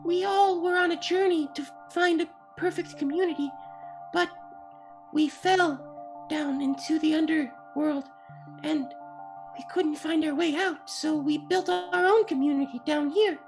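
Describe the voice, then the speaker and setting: Olivia, a storybook-style female toy voiced by a woman in a tabletop game, speaks up high above her own voice, slow and patient as she explains. Her tone stays gravelly at the edges. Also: faint music behind. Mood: explaining. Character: earnest female toy, community leader underground. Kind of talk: tabletop role-play character voice.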